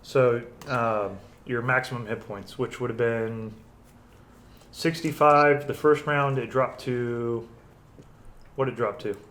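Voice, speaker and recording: Male game master, mid-pitch, tallies rolls aloud and fixes his own slips; casual tabletop session. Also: fairly even intonation, takes it slowly, a bit bright. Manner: counts dice aloud, corrects himself mid-sentence.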